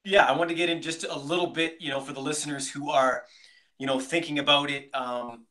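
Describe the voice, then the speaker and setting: A man's voice: on the high side, fairly even intonation, brisk, sharp tone. A man co-hosting a casual podcast, upbeat and enthusiastic, talking straight to his listeners. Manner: upbeat, enthusiastic, addresses listeners as "beautiful people". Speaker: podcast co-host.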